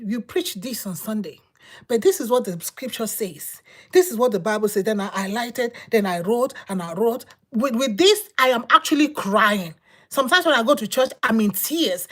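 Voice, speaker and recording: A woman giving a personal testimony as a sermon, telling her story with repetition and dramatic pauses. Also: on the high side. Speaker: preacher.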